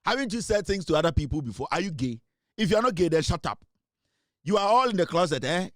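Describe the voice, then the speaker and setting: A young man with a Ghanaian accent hosts an off-the-cuff monologue. His voice sits high, and he needles listeners with the same rhetorical questions again and again, slipping between English and Twi. The recording is close and dry. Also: sing-song, fast, dry recording. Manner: teasing, repetitive rhetorical questions. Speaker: show host. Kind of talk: casual monologue.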